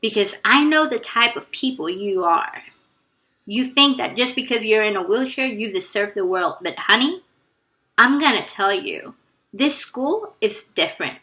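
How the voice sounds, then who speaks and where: A woman's voice: fairly high pitch, expressive, unhurried, bright, forceful tone. A woman telling a story puts on the stern, cutting voice of a strict and mean female schoolteacher. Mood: cold.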